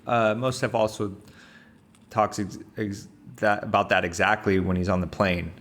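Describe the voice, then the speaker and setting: A man co-hosting a podcast, speaking in a measured way and often voicing agreement. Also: lowish voice, little pitch movement, fairly bright tone. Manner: measured, agreeing, with frequent backchannels. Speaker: podcast co-host. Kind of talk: casual discussion.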